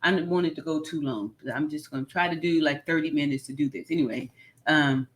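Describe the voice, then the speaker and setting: A woman's voice: low-pitched, brisk. A woman hosting a casual commentary vlog, talking straight to her viewers and laughing often at herself. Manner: laughs often, animated, self-mocking; talks straight to viewers, y'all. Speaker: nurse YouTuber, channel host.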